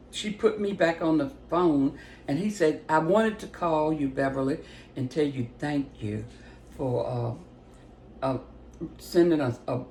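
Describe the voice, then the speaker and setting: An older woman giving a casual spoken testimony, retelling a phone call with lively acted-out voices and big jumps in pitch. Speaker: storyteller giving a personal testimony. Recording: roomy echo with faint background noise.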